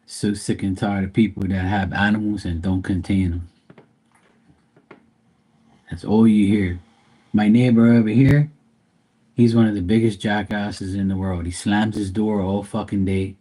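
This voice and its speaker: A man's voice: on the low side, steady tone, a little slow, long pauses, mellow, slightly rough. A man hosting a live stream, chatting casually with viewers in a blunt, profane, rambling way. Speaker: livestream host.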